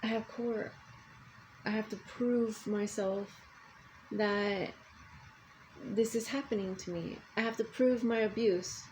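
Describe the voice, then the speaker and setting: A woman's voice: mid-range voice, steady tone, takes it slowly, long pauses, a little mellow, slight background noise, poor audio. Older woman ranting angrily, swearing. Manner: angry profane ranting. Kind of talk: personal vlog rant.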